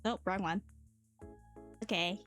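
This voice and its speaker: A woman's voice: medium pitch, fairly even intonation, takes it slowly, a bit bright. A woman streamer chatting casually, rambling and playful, laughing often. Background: faint cafe music.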